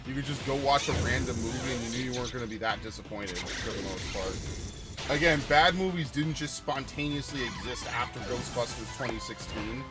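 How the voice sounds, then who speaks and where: A young man rambling casually over gameplay, chatty and swearing offhand. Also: mid-range voice. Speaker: gaming channel host.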